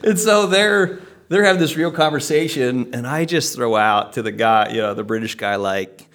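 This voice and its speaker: Man, church podcast co-host, animated storyteller, pitch swings a lot, laughs easily. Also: moderate pace. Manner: animated, laughing often, self-deprecating. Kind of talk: casual storytelling chat.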